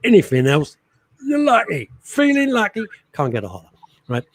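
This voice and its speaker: A middle-aged man co-hosting a radio show, chatting and teasing his partner in a joking, animated way. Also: sits high, moderate pace, dry recording. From England. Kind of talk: casual chat radio show.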